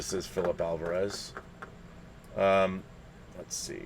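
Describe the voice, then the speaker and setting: A man's voice: low voice, flat delivery, moderate pace, vocal fry, pauses often, slight background noise. A man hosting a live podcast, reading a listener's letter aloud in a playful, theatrical way with bursts of laughter. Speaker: podcast host.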